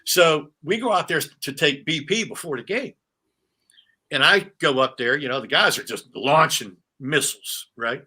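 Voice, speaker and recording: A middle-aged man with a sharp, bright tone spins animated anecdotes as a guest on an interview show. He talks casually, stumbling over restarts and fillers as he goes. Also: on the high side, moderate pace, breathy edge. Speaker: retired sportscaster, guest.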